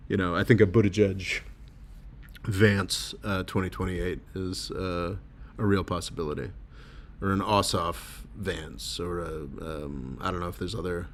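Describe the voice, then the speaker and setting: A man's voice: sits low, steady tone, a little hiss or hum. Tired, rambling man hosting a livestream. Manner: rambling, halting, with many fillers and restarts; sardonic, laughs at his own jokes. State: tired and low. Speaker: livestream host reading super chats. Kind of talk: casual livestream commentary.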